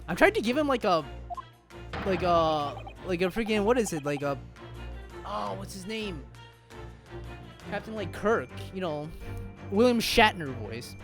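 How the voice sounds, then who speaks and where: A woman's voice: mid-range voice, sing-song, unhurried, pauses often. A woman giving casual, rambling let's-play commentary, often laughing. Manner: giggly, rambling. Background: game music.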